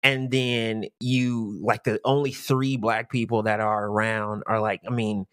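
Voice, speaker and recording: A man's voice: fairly low pitch, level tone, a bit bright, clean tone, no room sound, clean studio sound. A man in a casual podcast discussion who talks reflectively and often restarts his sentences. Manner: reflective, speaks in halting restarts.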